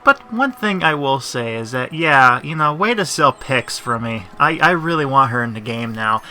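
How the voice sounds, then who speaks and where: A man's voice: medium pitch, expressive, moderate pace, bright, forceful tone, slight background noise. A man hosting a casual let's-play, rambling and making sarcastic asides at the game's story. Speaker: gaming channel host.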